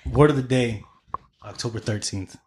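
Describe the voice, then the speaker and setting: A man's voice: medium pitch, normal speed, a little mellow, a little hiss or hum. A man co-hosting a casual chat show, easygoing and playful. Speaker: podcast co-host.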